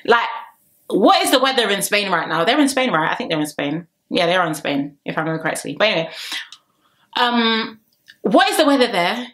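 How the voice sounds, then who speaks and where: Young woman vlogger, bright and gossipy, mimics people, casual recap. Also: fairly low pitch, brisk. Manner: gossipy, animated, mimics the cast, laughs often. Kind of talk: casual chatty episode review.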